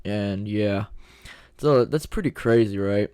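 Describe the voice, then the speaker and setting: A man's voice: on the low side, slow, mellow, smooth, dry recording, studio quality. A young man vlogging a casual story time, telling it in a loose, slangy way with lots of quoted back-and-forth.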